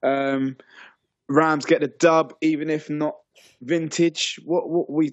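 A man's voice: fairly high pitch, level tone, slow pace, no room sound. A man hosting a casual sports podcast, teasing his co-hosts as he moves the talk along. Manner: teasing, leads the segments. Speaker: podcast host. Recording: dull lo-fi sound.

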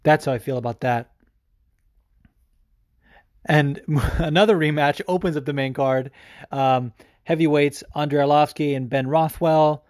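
A man hosting a podcast, talking casually in a rambling, excitable way with plenty of fillers and swearing. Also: a little high, unhurried, long pauses, dry recording, studio quality. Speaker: podcast host. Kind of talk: casual chat.

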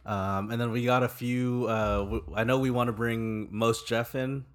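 A man's voice: mid-range voice, flat delivery, moderate pace. A man hosting a podcast, talking in an easygoing, hesitant way. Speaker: podcast host. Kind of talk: casual chat.

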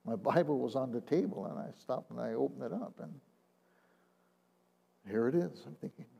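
An older man, a retired minister, giving a personal testimony, halting and repeating words, often dropping to a hushed tone. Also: medium pitch, vocal fry, breathy edge. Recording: long reverb of a large hall.

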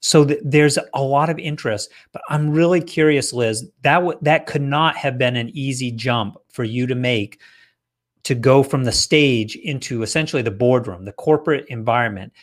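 Measured man hosting a live stream. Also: mid-range voice. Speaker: podcast host.

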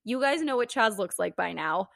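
A young woman co-hosting a podcast, telling a story in a casual, animated way, laughing and joking crudely. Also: mid-range voice, moderate pace, vocal fry, no room sound, clean studio sound. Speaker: podcast co-host.

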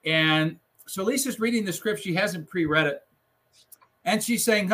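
A man's voice: sits high, normal speed. A man who once produced TV newscasts, telling funny stories in a casual chat. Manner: animated, laughing storyteller. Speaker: former TV news producer.

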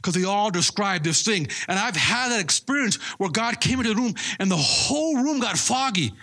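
A man's voice: high voice, normal speed. A man preaching a sermon, telling his own conversion story with lots of acted-out dialogue, often repeating and restarting words. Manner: animated storytelling, acts out quoted dialogue. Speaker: pastor. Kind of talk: sermon with personal testimony.

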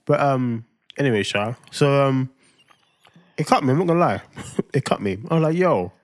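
A man's voice: medium pitch, animated, moderate pace, slight background noise. A man co-hosting a casual podcast chat, telling a family story and playfully acting out his son's lines. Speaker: podcast co-host.

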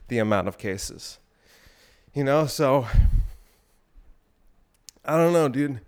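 A man's voice: medium pitch, animated, takes it slowly, long pauses, a little mellow, clean tone. A young man hosting his podcast, ranting crudely with many asides while exercising on an elliptical. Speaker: podcast host. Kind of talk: rambling solo podcast talk.

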